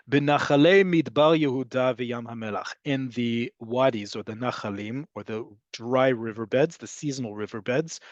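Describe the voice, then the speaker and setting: A man's voice: medium pitch, no echo, highs cut off. Male teacher, online class, patient explainer, dry close sound. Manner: explanatory, answers questions, repeats terms slowly. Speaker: Hebrew teacher.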